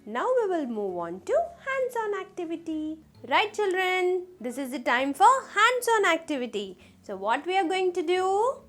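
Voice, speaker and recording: A woman teaching a children's phonics lesson, slowly sounding out letters and asking the class questions. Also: very high-pitched, sing-song, a bit bright.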